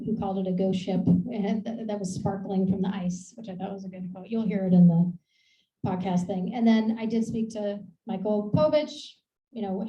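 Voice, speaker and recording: Woman giving a chatty slideshow talk, kinda dark mellow voice, roomy echo, dull lo-fi sound. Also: medium pitch, slight background noise. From Maine. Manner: chatty, rambling, laughs at herself. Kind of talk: casual presentation with slides. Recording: echoey room, dull lo-fi sound.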